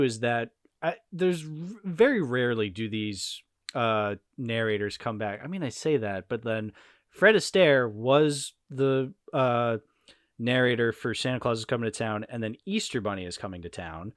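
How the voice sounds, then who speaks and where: A man hosting a podcast in casual chat. He talks in an animated way, laughs easily and swears casually. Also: medium pitch, normal speed, dry recording, clean studio sound. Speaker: podcast host.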